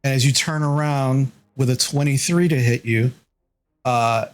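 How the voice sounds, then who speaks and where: A man running a tabletop game as dungeon master, narrating slowly with frequent fillers. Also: mid-range voice, fairly even intonation. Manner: slow, halting narration with many fillers.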